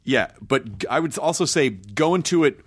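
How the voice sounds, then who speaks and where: A man's voice: medium pitch, expressive, moderate pace, slightly rough. Playful man hosting a podcast chat. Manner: warm, playful, jokey. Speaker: podcast host. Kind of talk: casual interview chat.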